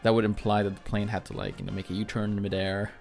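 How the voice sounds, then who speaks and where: A man co-hosting a podcast in casual chat, hesitant, often pausing and restarting. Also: lowish voice, big pitch swings, vocal fry, a little mellow, soft background music. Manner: hesitant, many fillers and restarts. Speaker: podcast co-host.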